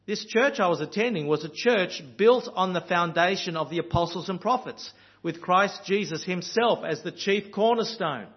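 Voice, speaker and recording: Australian man preaching, slightly high voice. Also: moderate pace, lo-fi sound. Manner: earnest, storytelling with ums and uhs. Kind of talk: sermon.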